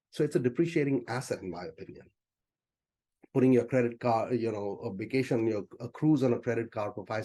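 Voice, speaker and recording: A man's voice: mid-range voice, warm tone. A man as a business coach, teaching in a loose, conversational way during an online session and often saying "you know".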